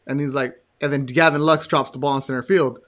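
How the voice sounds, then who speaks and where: A man hosting a podcast, chatting casually in an animated, joking way. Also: mid-range voice, a little fast. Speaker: podcast host. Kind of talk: casual sports chat.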